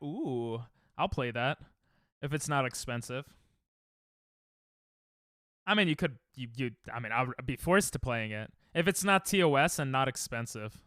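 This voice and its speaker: Young man, streamer, bright crisp voice, dry close mic, rambling casual chat. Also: mid-range voice, expressive, moderate pace, no room sound. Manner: rambling, self-mocking, chats to viewers. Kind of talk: casual live-stream chat while gaming.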